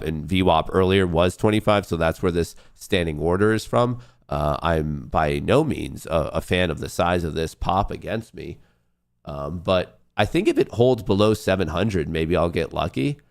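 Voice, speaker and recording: Low gravelly man streaming live. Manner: rambling, thinking aloud to viewers; muttering to himself at his computer. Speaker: livestream host and day trader. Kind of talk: live-streamed trading commentary.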